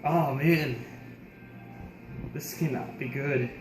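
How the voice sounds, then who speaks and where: A man's voice: medium pitch, takes it slowly, music in the background. A man sneezing and tearing up between exclamations while vlogging at home. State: sneezing, teary-eyed. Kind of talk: casual home vlog. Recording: echoey room.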